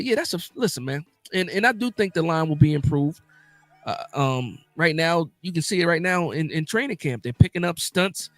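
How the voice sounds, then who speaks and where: A man hosting a casual live sports talk stream, animated and emphatic, often repeating himself for emphasis. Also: high-pitched, normal speed, no room sound, faint music behind.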